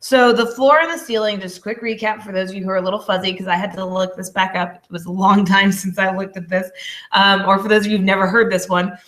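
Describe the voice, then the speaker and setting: Bright-voiced chatty woman coach. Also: mid-range voice. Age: 20s. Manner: chatty, laughs often, apologizes. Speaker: business coach. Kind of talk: coaching webinar lesson.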